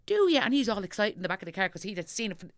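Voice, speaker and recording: A middle-aged Irish woman with a Dublin accent chats casually as an interview guest, animatedly telling stories and acting out what people said. Her mid-range voice races along in a studio-quality recording with no room sound.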